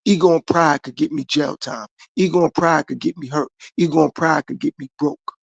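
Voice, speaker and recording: A man's voice: a little high, steady tone, moderate pace, gravelly, husky, dry recording, lo-fi sound. A middle-aged man from the United States, talking earnestly and repetitively about his own life in a motivational podcast monologue. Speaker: podcast host.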